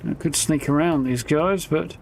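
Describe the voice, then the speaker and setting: A man's voice: on the high side, moderate pace, faint music behind. A man giving casual, wry commentary while live-streaming a video game. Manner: wry, chatty, self-mocking.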